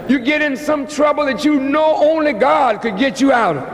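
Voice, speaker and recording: A man's voice: very high voice, moderate pace, few pauses. A man giving a sermon-like public lecture, preaching dramatically and acting out voices. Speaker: activist lecturer. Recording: long hall reverb.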